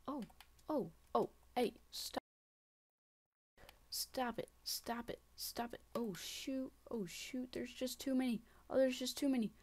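A woman giving casual, excitable gameplay commentary, talking to herself and running herself down, swinging from muttering to shrieking. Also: a little high, moderate pace. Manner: self-deprecating, talks to herself. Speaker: gaming channel host.

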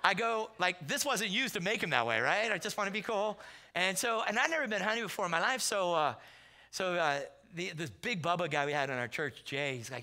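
Speaking a little fast in a high voice, this guest pastor delivers a storytelling sermon in a church sanctuary. He is animated and comic, performing the quotes of the people in his funny stories.

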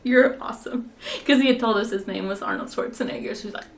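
Woman telling a story in a halting way. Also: mid-range voice, vocal fry. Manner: rambling, halting with fillers and restarts; breaks into laughter while telling the story. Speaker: volunteer. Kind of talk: conversational storytelling.

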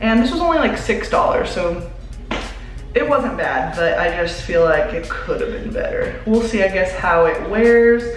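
A woman's voice: fairly low pitch, lively intonation, normal speed, faint music behind. A young woman vlogging a home room makeover, chatting and explaining as she works indoors. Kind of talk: casual vlog narration. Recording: echoey bare room.

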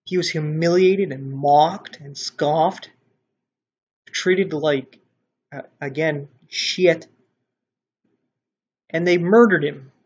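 A man preaching casually and bluntly, with mild swearing, and growing louder and more animated when he makes a point. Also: a little high, extremely slow, long pauses, slightly rough. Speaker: online Christian commentator. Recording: dull lo-fi sound.

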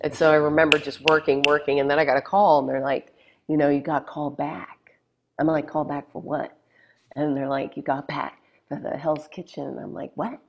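Low-voiced woman telling lively stories. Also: a little fast, creaky. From Texas, USA. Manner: animated, acts out quoted voices. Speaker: guest, former reality show contestant. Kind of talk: casual storytelling interview.

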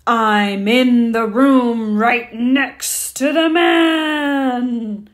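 A woman voicing a huge, greedy male ghost who roars slow, booming demands in a storybook read-aloud. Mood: roaring.

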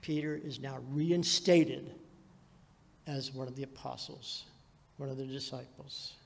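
Gravelly preacher in echoing church. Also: male voice, medium pitch, steady tone, unhurried. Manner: dramatic storytelling preacher, swings between loud and hushed. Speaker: pastor. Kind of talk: sermon.

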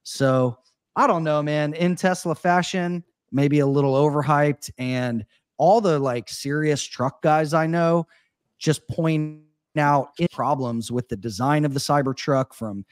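A man's voice: on the high side, unhurried, dry recording, studio quality. A man co-hosting a money talk show, casually telling stories in a laid-back way with lots of filler words. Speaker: co-host. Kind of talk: casual chat. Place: Austin.

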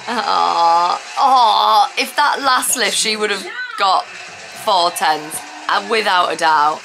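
A woman giving an excited, casual reaction commentary as a dance vlogger, gushing, gasping and exclaiming as she watches. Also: mid-range voice, slow. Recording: music playing loudly behind her.

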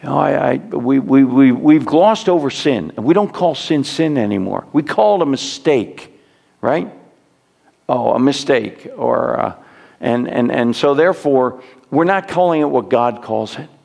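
A man's voice: mid-range voice, animated, moderate pace, creaky, a little mellow, in a large hall. A man preaching a sermon as pastor, earnest and pleading, often repeating words as he urges his listeners on. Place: church sanctuary.

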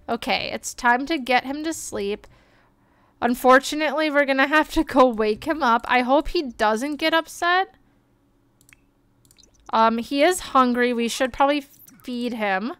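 A woman's voice: sits high, measured pace, smooth, no room sound. Bubbly young woman gushing over gameplay. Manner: gushing, excitable, chatty narration with fillers. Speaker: streamer. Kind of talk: life-sim gameplay commentary.

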